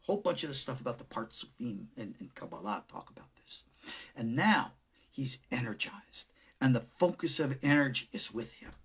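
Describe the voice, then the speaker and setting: Dramatic, husky-voiced male rabbi lecturing. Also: mid-range voice, big pitch swings, moderate pace. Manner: dramatic, swings from loud emphasis to hushed whispers. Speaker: rabbi teaching Kabbalah. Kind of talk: recorded lecture.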